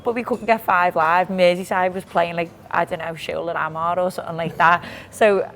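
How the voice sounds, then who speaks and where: A woman with a Liverpool accent, co-hosting a podcast and talking about football in a lively, emphatic way. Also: on the low side, moderate pace, slight background noise. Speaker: podcast co-host. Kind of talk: casual football chat.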